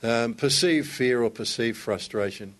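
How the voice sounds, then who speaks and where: A man's voice: mid-range voice, a little slow. A man preaching a sermon, telling a personal story with rising intensity. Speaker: pastor.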